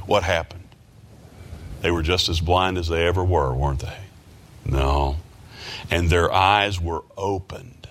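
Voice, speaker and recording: A man preaching and praying from the pulpit, his voice a little low in pitch. It carries a bright, forceful edge. When he drives a point home, he climbs to loud, high emphasis and reads scripture in old-fashioned wording. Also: unhurried, pauses often. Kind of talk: prayer and sermon.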